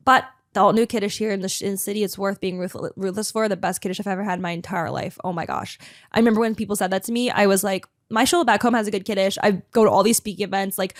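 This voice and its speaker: Recorded cleanly in a studio with no room sound, this young podcast host speaks at medium pitch. She's animated and chatty as she tells a story, filling her speech with "like."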